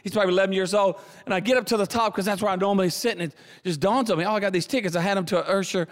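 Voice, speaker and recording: A man with a South Louisiana accent preaching a sermon as a guest speaker, telling stories animatedly, repeating words and building to excited shouts. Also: high voice, rapid-fire. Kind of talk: sermon storytelling. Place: church auditorium. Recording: reverberant church hall.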